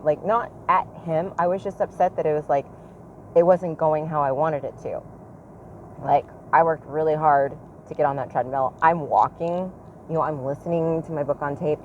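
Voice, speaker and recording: A woman in her thirties speaks in a low, deep voice in a casual personal vlog. She talks candidly, rambling and reflecting on herself. Street traffic and a passing train are clearly heard behind her outdoors. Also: lo-fi sound. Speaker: parent vlogger. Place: outdoors near a train line.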